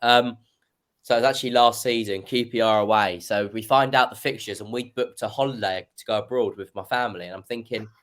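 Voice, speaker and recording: A man's voice: on the low side, a little fast, fairly bright tone. A man on a podcast panel, rambling through a family anecdote in casual chat. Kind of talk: casual storytelling.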